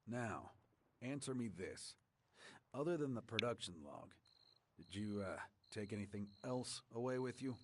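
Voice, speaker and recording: An actor playing a stern, gruff male camp commander in a video game, speaking in a curt, commanding way. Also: lowish voice, lively intonation, measured pace, noisy background.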